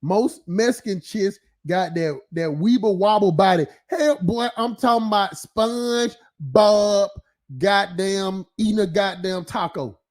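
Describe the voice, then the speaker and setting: Stream host, male, high-pitched, loose profane ranting monologue, laughs a lot, heavy filler. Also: unhurried.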